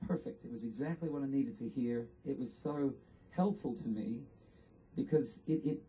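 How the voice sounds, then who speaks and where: An Australian man giving an earnest, unhurried acceptance speech at an outdoor ceremony, pausing often. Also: mid-range voice, dark tone, far from the mic, slight background noise, rough recording. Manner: earnest, unhurried, with frequent pauses. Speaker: award inductee.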